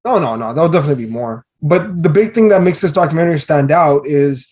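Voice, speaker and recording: A man co-hosting a podcast, rambling loosely through his points with the odd swear word. His voice is a touch higher than most men's. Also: expressive, fast, a little mellow. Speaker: podcast co-host. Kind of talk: casual podcast chat.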